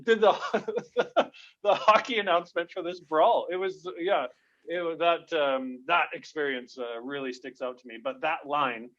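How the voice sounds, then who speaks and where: A man, a guest comedian, telling stories in a lively podcast interview and laughing often. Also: fairly high pitch, a little slow. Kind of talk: animated storytelling in a podcast interview. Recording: dull lo-fi sound.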